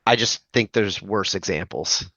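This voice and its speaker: A man with a Prince Edward Island accent talks casually as a guest, easygoing and searching for words. His voice is low-pitched yet bright and forward. The audio is dry and a bit dull, like a lo-fi call. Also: moderate pace, no room sound. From Prince Edward Island, Canada. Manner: easygoing, hesitant, lots of "like". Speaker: guest musician. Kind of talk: casual chat.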